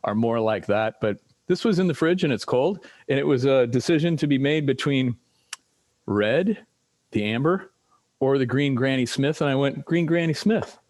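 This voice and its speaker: A man in casual chat over drinks, telling rambling stories with lively quoted voices as a podcast guest. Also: mid-range voice, moderate pace, no room sound.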